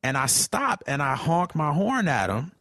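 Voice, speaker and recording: A man, a podcast co-host telling a story with lively acted-out quotes. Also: on the high side, unhurried, dry recording, clean studio sound. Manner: animated storyteller acting out quotes. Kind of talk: casual chat, storytelling.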